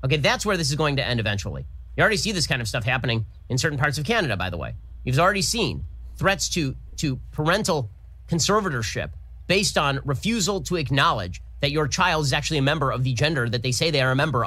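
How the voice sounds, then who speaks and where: A man's voice: medium pitch, very animated, sharp tone. A man giving argumentative political commentary in a played clip. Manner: rapid, argumentative.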